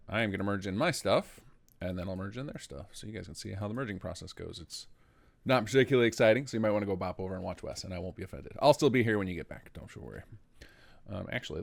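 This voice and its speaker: A man's voice: on the low side, creaky. A man hosting a live stream, chatting casually with viewers while he works. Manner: laid-back, talks to viewers while working.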